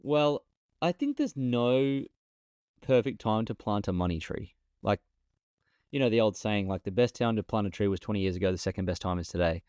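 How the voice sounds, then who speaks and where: A man talking as a podcast guest over a remote call, an animated storyteller who often repeats himself. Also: on the low side, normal speed, clean tone, no echo. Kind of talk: casual interview talk.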